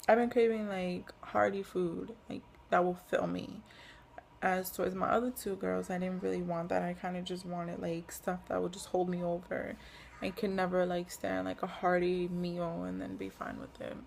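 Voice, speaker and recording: A woman's voice: fairly low pitch, flat delivery, normal speed, gravelly, darkish tone, slight background noise. A young woman chatting casually in a pregnancy vlog, rambling with lots of fillers and short of breath. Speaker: pregnancy vlogger. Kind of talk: casual chat.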